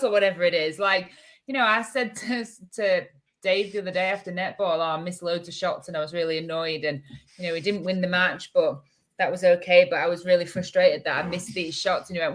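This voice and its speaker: A woman's voice: lowish voice, normal speed, a bit bright. A woman co-hosting a casual chat podcast, chatty with lots of fillers, now and then mimicking chirpy voices. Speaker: podcast co-host.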